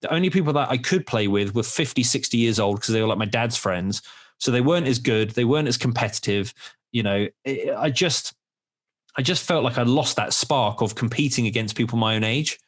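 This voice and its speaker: A man's voice: medium pitch, fairly quick. A man in his forties hosting a podcast, telling candid, rambling stories in casual chat with some swearing. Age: 40s. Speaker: podcast host.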